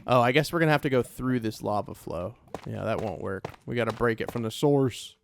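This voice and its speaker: A young man casually commenting on his own gameplay in a chatty, joking way, quick to get startled and to repeat himself. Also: medium pitch, creaky, a little hiss or hum. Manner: chatty, jokey, easily startled, repeats phrases. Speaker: let's play gamer.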